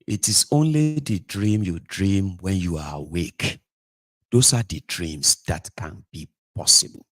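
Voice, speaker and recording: A Nigerian man talks straight to his audience from a home studio, lively and chatty, dropping into pidgin and acting out voices as he goes. His voice sits fairly low, and the sound is dry and close, with hardly any room around it. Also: measured pace, no echo. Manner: animated, mixes pidgin and Yoruba, acts out voices. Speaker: host. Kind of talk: casual livestream monologue.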